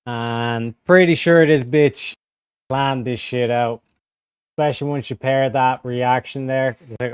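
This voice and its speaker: A man's voice: medium pitch, fairly even intonation, moderate pace, smooth, no echo. Blunt, profane male streamer. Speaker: streamer reacting to footage. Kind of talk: crude live-stream commentary.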